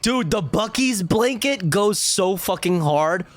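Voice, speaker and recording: A man's voice: high voice, expressive, slow pace, soft background music. A man streaming live reactions, talking casually and crudely with lots of swearing and rambling asides.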